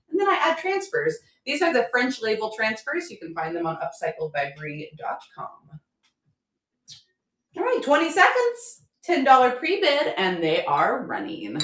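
A woman's voice: medium pitch, a bit bright. Chatty woman running a live auction. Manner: chatty, upbeat, jokey. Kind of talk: live selling stream. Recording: roomy echo.

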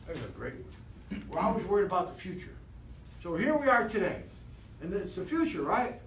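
A man leading a live motivational sales seminar, animated and rousing, constantly quizzing his audience, recorded from a distance in an echoey training room. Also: sits high, moderate pace, pauses often. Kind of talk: live seminar talk to a class. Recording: echoey room, distant mic, faint hiss.

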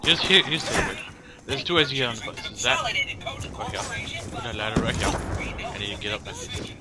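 A man's voice: mid-range voice, very animated, normal speed. A man giving casual commentary while playing a video game, explaining the map step by step in a rambling way. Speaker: gameplay commentator. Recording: game music loud behind voice.

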